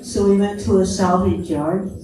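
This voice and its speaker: A woman's voice: medium pitch, steady tone, moderate pace, warm tone, slight background noise. An older woman giving an anecdotal devotional talk, telling her stories conversationally with small chuckles in between. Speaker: speaker at temple festival. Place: large temple hall. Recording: echoey hall, voice from far off.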